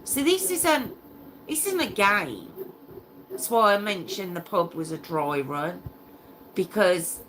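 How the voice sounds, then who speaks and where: A woman's voice: medium pitch, very animated, slow pace, long pauses, a bit bright, a little hiss or hum, poor audio. A woman hosting a true crime story in a casual, emotional and indignant way, repeating phrases as she goes.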